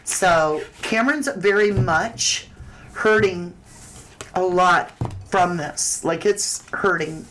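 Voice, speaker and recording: Low-ish woman doing a chatty live tarot reading for viewers, bit of faint hiss. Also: slow, fairly bright tone, poor audio. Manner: chatty and conversational, with frequent restarts and fillers. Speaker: tarot reader host.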